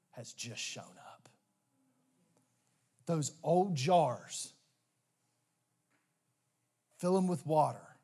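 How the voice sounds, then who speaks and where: A man preaching a sermon as pastor, animated, swinging between loud emphatic lines and low slow ones, with stammered restarts. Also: slightly rough.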